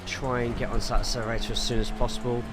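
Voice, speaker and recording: A man's voice: mid-range voice, flat delivery, racing, over loud music. An English man streaming a racing sim, chatting loosely with viewers and giving driving tips. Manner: chatty, rambling, reads viewer chat aloud between driving tips. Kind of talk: casual live-stream chat while driving.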